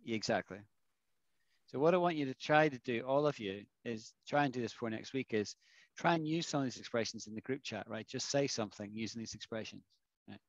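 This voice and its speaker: A man's voice: medium pitch, a little fast, no room sound, muffled recording. A man teaching English phrases to a small online class, explaining and asking the class questions. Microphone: video call.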